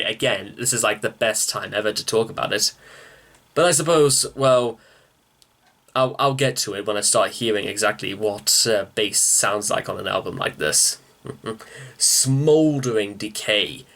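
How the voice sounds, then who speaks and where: A man hosting a music reaction video, talking in halting bursts with many restarts while he searches for words and addresses viewers as ladies and gentlemen. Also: on the low side.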